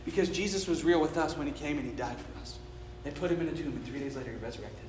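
A man preaching a sermon, swinging from hushed, intimate asides to impassioned, shouted climaxes. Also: a little high, quick pace, slight background noise. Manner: builds from quiet intimacy to shouted passion. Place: church sanctuary. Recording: echoey hall with long reverb.

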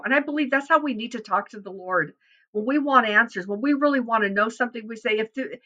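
A woman's voice: fairly high pitch, sharp tone, muffled recording. A middle-aged woman giving an earnest devotional Bible teaching, rising with feeling as she voices prayers. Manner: earnest, fervent, rising and swelling on quoted prayers.

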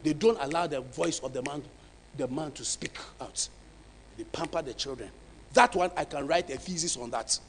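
A male pastor preaching a sermon, emphatic and dramatic, swinging from hushed tones to shouts. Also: on the high side, normal speed, long reverb tail, a little hiss or hum.

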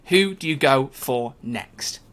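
A man's voice: medium pitch, animated, slow, a bit bright. A man co-hosting a fan podcast, chatting in an opinionated, jokey way. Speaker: podcast co-host. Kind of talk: casual chat.

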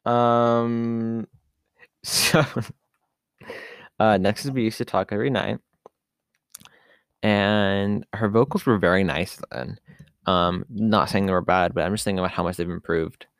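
A man's voice: lowish voice, steady tone, measured pace, long pauses, smooth, no room sound. A man hosting a podcast on his own, talking in a casual, rambling way with lots of fillers and asides. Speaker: podcast host. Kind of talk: casual solo podcast talk.

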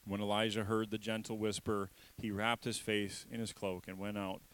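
A man with a low-pitched voice delivers a sermon as a pastor. He speaks emphatically and repeats phrases for weight. He swings from loud lines to quiet, hushed ones. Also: little pitch movement, normal speed, smooth, low-quality recording.

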